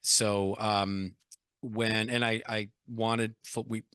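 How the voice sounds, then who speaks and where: A man's voice: lowish voice, slow pace, clear, resonant tone, no room sound, studio quality. A man in his forties telling stories in a casual interview as the guest, acting out both sides of conversations. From United States. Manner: animated storyteller, acts out both sides of phone calls. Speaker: guest, credit union CEO and former rock singer.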